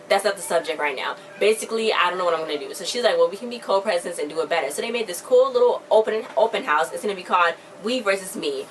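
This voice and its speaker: A young woman rattles through a TV episode recap at high speed, chatty and excitable, slipping into the characters' voices as she goes. She sits a little back from the mic, and a faint background hiss runs under her voice. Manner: chatty, excitable, slangy, acts out characters' lines. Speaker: vlogger reviewing a TV episode. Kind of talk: casual recap chat. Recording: a bit distant from the mic, faint background noise.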